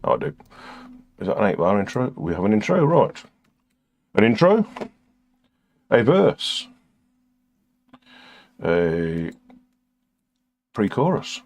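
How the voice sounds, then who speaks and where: Gravelly sardonic older man. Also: lowish voice, very animated, slow pace, long pauses, a little mellow. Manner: sardonic, crude, swearing, mutters to himself while working. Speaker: musician streaming a recording session. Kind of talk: casual live-stream chat.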